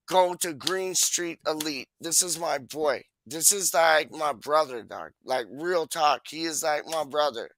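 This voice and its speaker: A man's voice: fairly high pitch, unhurried, few pauses, fairly bright tone, no echo. A man hosting a livestream in casual chat, rambling and repeating himself with lots of street slang. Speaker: livestream host.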